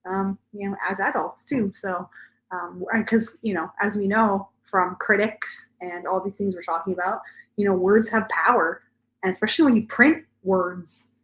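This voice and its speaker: A woman's voice: mid-range voice, steady tone, moderate pace. A woman in her forties talking casually as a podcast host, telling stories in a chatty way with many "like" fillers. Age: 40s. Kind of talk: casual chat. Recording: roomy echo.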